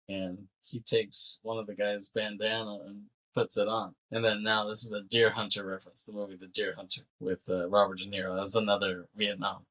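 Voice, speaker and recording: A man with a bright, forceful tone and a fairly low pitch, chatting loosely as a podcast co-host. He rambles through a movie's plot and slips into quick voices for the characters. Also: poor audio. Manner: rambling, animated, acts out characters' lines. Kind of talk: casual movie recap chat.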